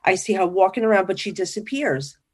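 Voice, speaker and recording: A woman from New Jersey, a psychic guest in an interview, telling stories in a lively, chatty way and acting out what people said. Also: mid-range voice, brisk, husky. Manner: animated, acts out quoted dialogue. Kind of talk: casual interview storytelling.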